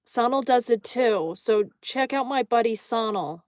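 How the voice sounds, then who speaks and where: A woman's voice: fairly high pitch, animated, unhurried, dry recording, clean studio sound. A woman hosting a live stream, chatting casually, reading viewer comments aloud and thanking them with lots of laughter. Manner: bubbly, laughing often, exclaiming thanks to viewers. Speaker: livestream host.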